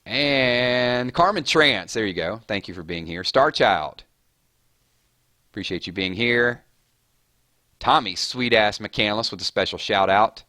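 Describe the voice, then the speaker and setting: A man's voice: fairly low pitch, bright, forceful tone, no echo, clean studio sound. A man hosting a casual live stream, rattling off chat names and thanking viewers. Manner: rapid-fire, chatty, reading names off chat.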